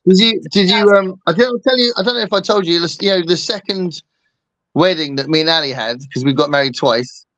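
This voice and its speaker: A man's voice: high voice, fairly quick, a bit bright, dry recording, lo-fi sound. A man hosting a casual chat, rambling and joking with lots of fillers. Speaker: host.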